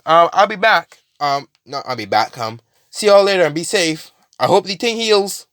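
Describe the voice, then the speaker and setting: Brief: man doing a nervous young hero girl, raised pitch, rushed and stumbling. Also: animated, fairly bright tone, no echo, clean studio sound. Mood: flustered. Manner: hurried, stammering goodbye. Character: young female hero-in-training, jittery and hasty.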